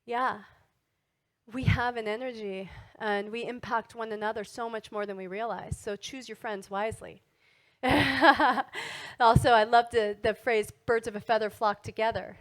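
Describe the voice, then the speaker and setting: A middle-aged woman giving a motivational wellness talk to an audience, animated and asking frequent tag questions. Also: a little high, moderate pace. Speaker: wellness speaker.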